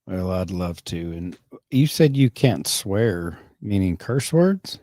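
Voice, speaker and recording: A middle-aged man hosting a podcast, chatting casually in a rambling, halting way, often correcting himself mid-sentence. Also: sits low, big pitch swings, mellow, no room sound. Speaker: podcast host. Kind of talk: casual chat.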